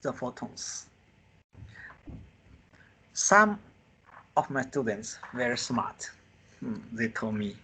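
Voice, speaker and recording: Animated man teaching Mandarin tones. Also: medium pitch, a little hiss or hum. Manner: animated, drawn-out sighs acting out the four tones; non-native English, simple teaching phrases. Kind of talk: live online group lesson. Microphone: computer mic on a video call.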